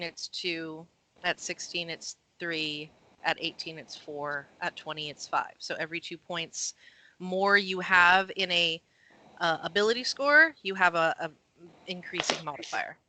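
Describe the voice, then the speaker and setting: A woman's voice: fairly low pitch, unhurried, sharp tone, a little hiss or hum, low-quality recording. A woman running a tabletop game as game master, narrating scenes and patiently explaining the rules.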